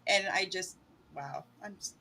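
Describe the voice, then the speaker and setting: A woman guest in a casual chat, talking in an emotional, excited way. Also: fairly low pitch, a little slow, gravelly.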